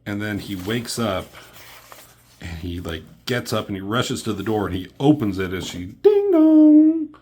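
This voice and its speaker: A young man with a low, slightly rough voice casually reviews a comic at normal speed, recorded on a camera mic. He rambles, laughs, and performs the characters' lines in different voices.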